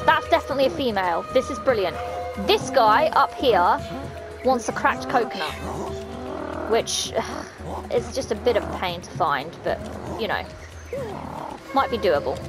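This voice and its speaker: Female gamer, casual commentary; high, very lively, gasping and chatting to the characters, game music underneath. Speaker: gaming video host. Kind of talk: casual let's-play commentary.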